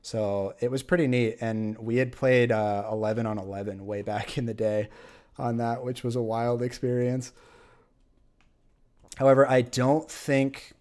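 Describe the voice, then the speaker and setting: A man's voice: medium pitch, little pitch movement, a little slow, a little mellow. A man live-streaming a game who is losing his voice, chatting casually, rambling with fillers and reading viewer comments aloud. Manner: rambling, reads chat aloud, many fillers. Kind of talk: casual live-stream chat while playing.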